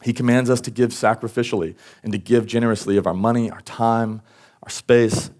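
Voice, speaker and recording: A man's voice: mid-range voice, steady tone, fairly quick, a little mellow. Conversational man preaching a sermon. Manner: conversational, with frequent restarts and asides. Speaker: pastor. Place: church service.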